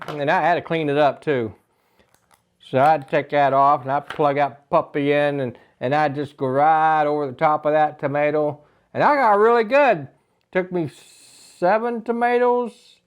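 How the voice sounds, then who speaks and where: Man, high voice, folksy rambling tall-tale teller, comic monologue. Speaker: comedic storyteller.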